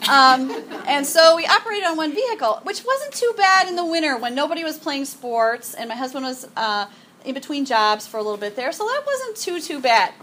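Middle-aged woman speaker, kinda high voice, animated devotional talk, acts out yelling at her kids, lots of "okay" and "um". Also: brisk. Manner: frequent "okay" and "um". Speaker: women's event speaker.

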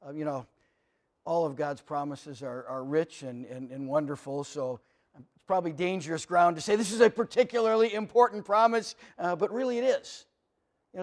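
A man delivers a sermon as a pastor, his voice sitting noticeably high for a man. He speaks earnestly and with emphasis, stumbling into small repeats like "and, and" as he presses each point home. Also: darkish tone. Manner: earnest, emphatic, often repeats opening words.

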